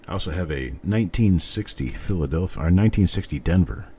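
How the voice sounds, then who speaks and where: A man's voice: deep voice, lively intonation, fast, mellow, breathy edge. A middle-aged man hosting a live stream, chatting casually and thinking aloud as he goes. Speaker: host. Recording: faint background noise.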